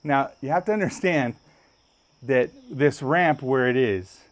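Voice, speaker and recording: A man hosting a podcast, telling a story with lots of energy and jumping up high when he acts out other people's lines. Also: a little slow. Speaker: podcast host. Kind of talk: animated storytelling. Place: podcast studio.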